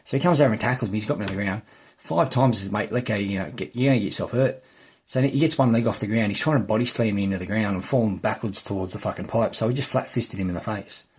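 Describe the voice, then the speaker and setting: A man's voice: on the low side, quick pace, breathy edge. An Australian man in an angry, heated rant, swearing heavily and restarting his sentences often. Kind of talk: angry ranting monologue.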